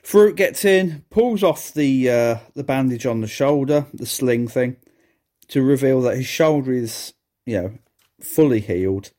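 Male solo podcast host, relaxed and slow, wry and exasperated. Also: medium pitch. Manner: sardonic, exasperated, laughs at the awful match. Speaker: wrestling review podcast host. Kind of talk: casual solo review commentary.

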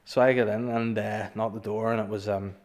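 A man's voice: on the low side, little pitch movement, fairly quick, vocal fry, a little mellow. A young man with a Northern Irish accent, chatting casually and telling funny stories, swearing and laughing. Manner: storytelling, swears, acts out voices, laughs a lot. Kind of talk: casual comedic chat.

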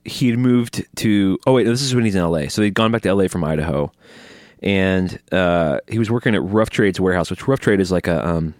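Casting: low-pitched male podcast host, animated storyteller, dry close sound. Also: brisk, dry recording. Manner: animated storyteller, acts out quotes. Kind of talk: casual chat.

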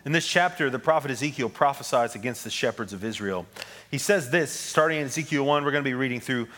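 Preaching at a quick pace, a pastor keeps things relaxed and conversational, with ums and brief asides between sermon points. His voice sits at an ordinary middle pitch, and a long hall reverb follows his words.

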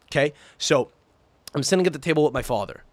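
A young man hosting his own podcast, telling stories casually in an animated, profane, exaggerated way. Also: fairly high pitch, quick pace, dry recording. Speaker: podcast host. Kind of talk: casual solo podcast storytelling.

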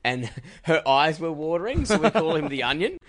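A man's voice: on the high side, sing-song, moderate pace, a crowd in the background. A man, a comedian co-hosting a podcast, telling rambling stories with lots of swearing and acted-out quotes. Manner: rambling storyteller, swears freely, acts out quotes. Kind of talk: casual comedic banter.

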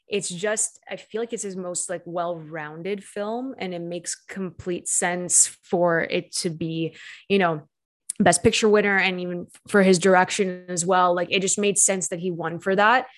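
A woman's voice: on the low side, fairly bright tone. A young woman chatting casually about movies on a video call, fond and rambling, filling her talk with "like". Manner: heavy use of "like", trailing off, gushing. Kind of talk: casual film chat.

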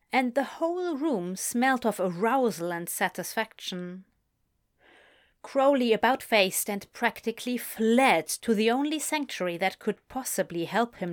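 A woman reading a story aloud as narrator, expressive and unhurried. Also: a little high. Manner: slow, expressive storytelling with lively inflection. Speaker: reader.

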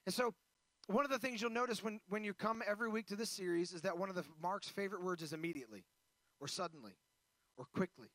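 A male pastor delivers a sermon in a high, bright voice. He moves between loud, insistent emphasis and quiet, intense stretches. The sound is dry and close. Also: quick pace, no echo. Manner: preaching with swings from loud emphasis to hushed intensity.

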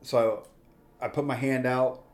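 A man's voice: medium pitch, fairly even intonation, slow, a little hiss or hum. A man in his forties, a guest telling a personal testimony in a plainspoken, rambling way, with restarts and quoted dialogue.

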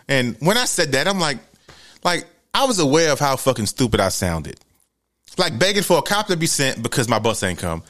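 A man telling a story in a loud, lively, profane style. His pitch swings widely. He often jumps into sudden shouts. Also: normal speed. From New York City.

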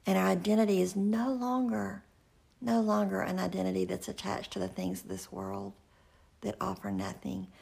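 A woman giving an earnest devotional teaching, often dropping into soft whispers. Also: mid-range voice, creaky, slightly rough. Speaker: Christian speaker.

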